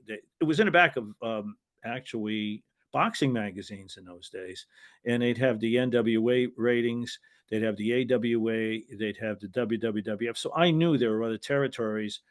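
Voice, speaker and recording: An older American man, a former wrestling referee, telling long stories in an interview, rambling with restarts and acting out quoted voices. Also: mid-range voice. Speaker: guest, retired wrestling referee. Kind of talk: anecdotal interview storytelling.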